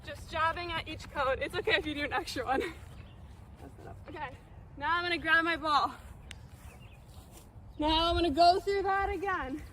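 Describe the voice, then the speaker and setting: A woman's voice: very high-pitched, moderate pace, pauses often, bright, forceful tone, slight background noise. A young woman coaching on an outdoor field, demonstrating drills as she moves and checking in with "okay?" after each step. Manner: explains while moving, checks in with "okay?" often. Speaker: lacrosse coach.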